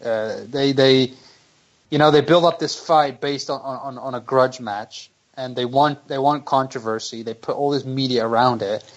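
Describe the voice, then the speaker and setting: A man of middling pitch talks boxing with his co-hosts, cursing often and tripping over his words when he gets worked up. His delivery is loose and unpolished. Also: moderate pace, poor audio. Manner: profane, excitable, stammering restarts. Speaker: podcast host. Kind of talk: casual chat.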